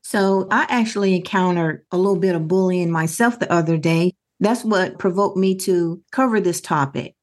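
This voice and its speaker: A woman's voice: lowish voice, moderate pace, hardly any pauses. Earnest middle-aged woman telling a story. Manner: earnest storytelling with quoted dialogue. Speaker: podcast co-host. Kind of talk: casual podcast conversation.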